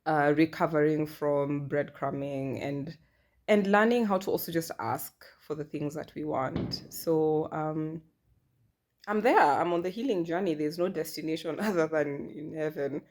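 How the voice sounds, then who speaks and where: A woman's voice: low voice, measured pace, darkish tone. A woman in her thirties talking candidly in a personal vlog, chatty and self-deprecating. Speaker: vlogger.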